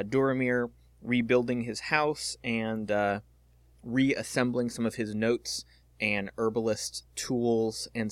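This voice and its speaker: A man acting as game master narrates a tabletop role-playing session in a relaxed way, using lots of ums and uhs. His voice is mid-range, recorded with clean studio sound and no echo.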